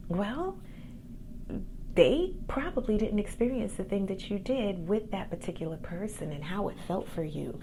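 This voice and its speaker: A woman hosting a podcast, giving a calm, soft-spoken motivational pep talk about faith and gifts as a coach. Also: medium pitch, moderate pace, a little hiss or hum. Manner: faith-based encouragement. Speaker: podcast host and accountability coach.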